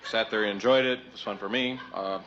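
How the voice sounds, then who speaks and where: A man doing a live stand-up act. His bits swing from deadpan asides to mock-exasperated outbursts. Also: fairly low pitch, fast talker, slight background noise. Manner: mock-exasperated, rising to shouts. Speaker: stand-up comedian. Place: stage before a live audience. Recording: dull vintage live TV audio with crowd.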